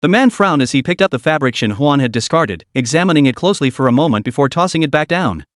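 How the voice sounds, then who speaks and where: Male narrator reading a comic recap, lively up-and-down voice, kinda high. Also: fast talker, no echo, clean studio sound. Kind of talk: scripted story narration.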